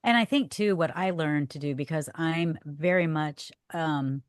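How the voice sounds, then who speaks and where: A woman's voice: sits low, unhurried, clean tone, no room sound, studio quality. A woman guest who is an author and radio co-host, telling a personal marriage story in an earnest way. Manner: earnest, calls herself a verbal processor. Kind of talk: casual storytelling.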